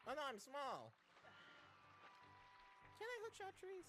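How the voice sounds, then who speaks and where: A man rambles goofily over a game, giggling and slipping into silly voices. His very high voice bounces widely at an unhurried pace, with light music behind. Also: huge pitch swings, bright, forceful tone. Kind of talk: casual gameplay commentary.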